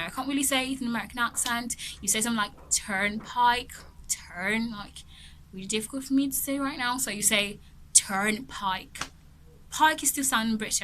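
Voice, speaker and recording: A woman's voice: on the high side, pushed and bright, poor audio. A woman teaching English vocabulary in a chatty, casual way, often laughing and correcting herself as she goes. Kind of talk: casual explanatory lesson.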